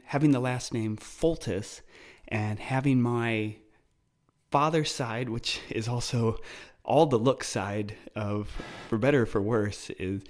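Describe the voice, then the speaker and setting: A man hosting his own podcast, talking casually and explaining ideas through personal stories. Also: on the low side. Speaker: podcast host. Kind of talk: casual solo podcast talk.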